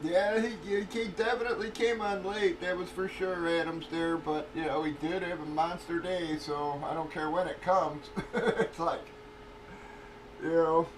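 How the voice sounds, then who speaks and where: This card-break livestream host rambles through a story, laughing often and swearing freely in casual chat. His voice is a little high with a steady tone and measured pace, and he sits far from the mic, slightly off it, with faint noise.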